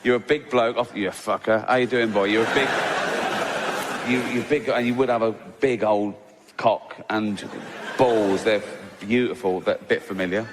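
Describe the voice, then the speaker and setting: A man's voice: on the low side, steady tone, normal speed, close to an everyday voice. A man putting on the voice of a matey, foul-mouthed male doctor who greets his patient with crude, overfamiliar banter. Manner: backslapping, swearing, repetitive greetings. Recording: reverberant hall with audience noise.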